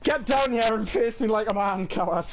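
A young man playing a flight combat game with friends, trash-talking loudly, laughing and yelping in excited banter. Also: high voice, normal speed. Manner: loud, laughing, trash-talking, yelps and shouts. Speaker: gamer streaming with friends.

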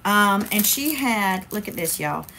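A woman hosts a relaxed crafting livestream in a chatty, playful way. She speaks at a mid pitch and talks straight to her viewers. Faint background noise sits under her voice. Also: measured pace. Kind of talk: casual livestream chat.

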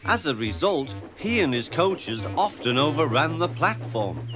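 A man narrating a children's cartoon in a calm, expressive storytelling manner. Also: on the high side, unhurried, music in the background.

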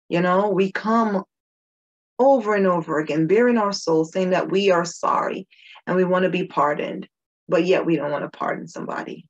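Woman, lowish voice, earnest devotional talk, emphatic repeats, dull lo-fi sound. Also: a little mellow. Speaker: Christian video host.

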